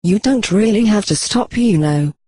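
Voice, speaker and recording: A proud young unicorn filly in a storybook , voiced by a flat text-to-speech reader. The voice is slightly husky and recorded dry, with no room sound. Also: mid-range voice, normal speed, no echo, voice pushed up.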